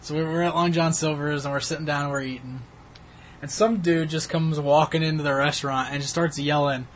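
A man's voice: on the high side, fairly quick. A man co-hosting a casual podcast chat, telling a story with lots of laughter. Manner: animated storyteller, laughs often. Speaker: podcast co-host.

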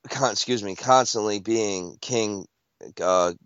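A man chats on a podcast in a low, smooth voice, stopping and starting with lots of fillers and repeats. The sound is dry and dull, with a lo-fi edge. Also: no echo. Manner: halting, many fillers and repeats. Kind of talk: casual chat.

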